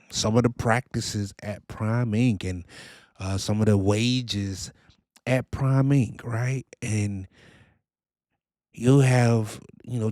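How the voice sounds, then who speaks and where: A man's voice: on the low side, a little mellow, no echo. Laid-back man with dry, close sound. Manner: laid-back slang, repeating tag questions. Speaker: reaction video host. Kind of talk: casual reaction commentary.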